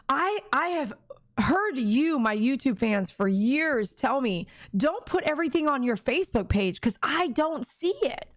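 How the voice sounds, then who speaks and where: A woman on a livestream, reading viewer comments aloud and talking straight to her fans in an animated, emotional way. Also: high voice, dry recording. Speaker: dog groomer and YouTuber.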